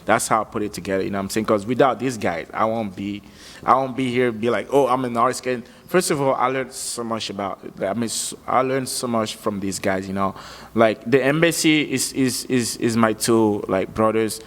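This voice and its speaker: Animated African-born man, hall reverb. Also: lowish voice, normal speed. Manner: animated, slangy, laughs often. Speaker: interview guest, musician. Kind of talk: casual chat.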